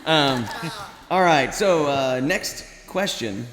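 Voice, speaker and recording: A man's voice: fairly high pitch, lively intonation, slow pace, crowd noise. Laid-back joking man, echoey gym. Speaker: teacher and podcast co-host. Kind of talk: casual live show banter. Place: school gym. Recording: echoey gym with long reverb.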